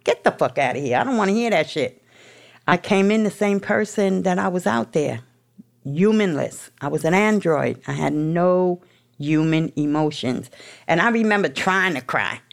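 A woman's voice: fairly low pitch, animated, moderate pace, creaky. A woman with a New York accent telling her recovery story candidly, in a blunt, profane, street-tough way. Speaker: speaker sharing a recovery story.

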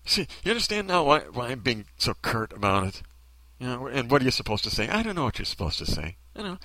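A man's voice: mid-range voice, big pitch swings, a little fast, bright, forceful tone, dry recording. A man delivering a bitter, sarcastic ranting monologue full of rhetorical questions.

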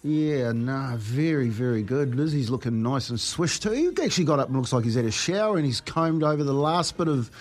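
A man's voice: mid-range voice, lively intonation, a little fast, hardly any pauses. A middle-aged man co-hosting breakfast radio, telling rambling, laugh-filled stories and saying "mate" a lot. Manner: rambling storyteller, laughs often, says "mate". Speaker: radio co-host. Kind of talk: casual breakfast radio banter.

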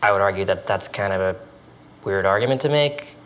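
A man's voice: sits low, brisk, a bit bright. An actor playing a young American man at a TV audition, polite but reluctant and dryly arguing back.

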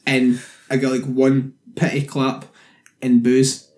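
A man's voice: mid-range voice, monotone, takes it slowly, darkish tone. A man co-hosting a podcast, chatting casually with dry, teasing, sweary humor. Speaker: podcast co-host. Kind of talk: casual chat. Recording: roomy echo.

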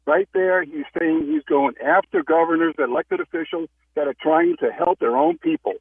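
A man's voice: on the high side, lively intonation, moderate pace, slightly rough, no echo, recorded from a distance. A man calling in to a radio show, speaking agitatedly and urgently. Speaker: caller. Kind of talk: phone-in call. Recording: phone line.

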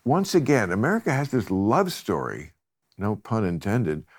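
A man's voice: lowish voice, wildly swooping pitch, normal speed. A man hosting a casual chat, wry, blunt and profane, often chuckling mid-sentence. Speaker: host.

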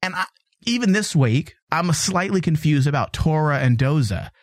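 A man's voice: on the high side, animated, normal speed, no room sound. A man co-hosting a casual podcast, talking emphatically and repeating points to stress them. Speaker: podcast co-host.

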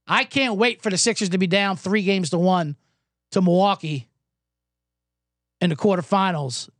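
A hoarse man hosting a comedic sports betting podcast, ranting in a sarcastic, profane way. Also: high-pitched, a bit bright, no room sound, clean studio sound. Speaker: host.

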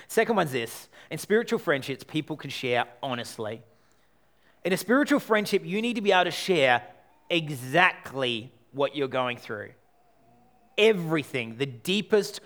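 A man delivers a sermon with a slightly higher voice than most men. He is animated and acts out the people he quotes. He drops to a hush, then rises again. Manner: animated, acts out quoted voices, shifts between loud and hushed. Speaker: pastor.

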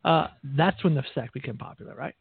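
A man co-hosting a sports podcast, wry and quick to laugh. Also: a little high, gravelly, breathy edge, no echo. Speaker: podcast co-host. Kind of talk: casual chat. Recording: dry, phone-like line.

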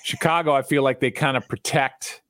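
A middle-aged man, a broadcaster, telling stories in casual chat, animated and restarting his sentences. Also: mid-range voice, a little fast, no echo, studio quality. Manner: animated, repeats words when starting sentences. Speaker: guest broadcaster. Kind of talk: casual storytelling.

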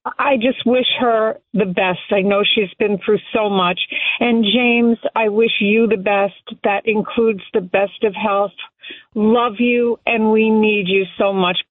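A woman's voice: mid-range voice, fairly even intonation, slow pace, no echo. A woman calling in to a radio show, speaking affectionately. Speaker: caller. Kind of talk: phone call to radio show. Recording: tinny phone line.

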